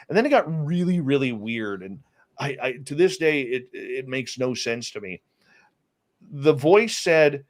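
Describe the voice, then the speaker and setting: A man, a radio host, speaking as an interview guest and telling a personal story in a lively way, often restarting his sentences. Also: mid-range voice, unhurried. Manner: animated storyteller with many restarts. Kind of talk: casual storytelling chat.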